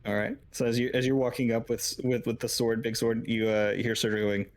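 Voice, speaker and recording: A man's voice: mid-range voice, level tone, brisk, few pauses, slight background noise. A man narrating as game master in a tabletop game, loose and full of fillers.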